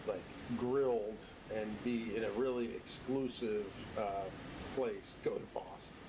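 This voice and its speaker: A man from the southern United States tells easygoing stories in a relaxed, casual way. Clear background noise sits under his voice. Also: lowish voice, a little slow. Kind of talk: casual chat.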